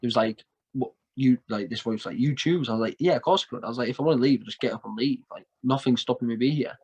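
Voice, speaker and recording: A man's voice: mid-range voice, quick pace, a little mellow, slightly rough, poor audio. Rambling young north east english man. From north east England. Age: 20s. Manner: rambling, repeats words, many fillers. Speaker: guest, shamanic practitioner. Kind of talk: casual storytelling interview.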